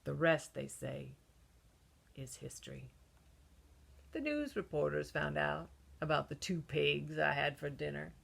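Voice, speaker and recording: A woman's voice: sits low, expressive, unhurried, creaky, pauses often, a bit bright, slight background noise, pitched below the performer's own voice, full character voice. A woman voicing a male wolf who tells his own side of a children's story, conspiratorial and cheeky. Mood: sly. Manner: conspiratorial storytelling, with gasps and sneezes.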